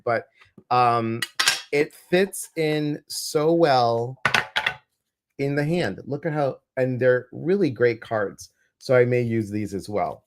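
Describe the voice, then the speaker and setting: A man's voice: medium pitch, noisy background. A man hosting a livestream as an intuitive coach, chatting casually, greeting viewers and reading their comments. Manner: warm, chatty, addresses viewers directly. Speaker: intuitive coach and stream host.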